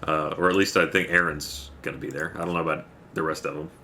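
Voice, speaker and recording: A man's voice: extremely low pitch, little pitch movement, fast talker, pushed and bright, a little hiss or hum. A man livestreaming a game, chatting casually, rambling and thanking viewers by name as he plays. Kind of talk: casual chat while playing a game.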